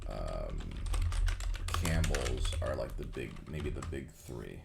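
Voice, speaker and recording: Deep voiced guy answering viewer questions real slow, lots of um and uh, just rambling along. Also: very animated, gravelly, heavy background noise. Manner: rambling, full of fillers and restarts. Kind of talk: casual Q&A chat.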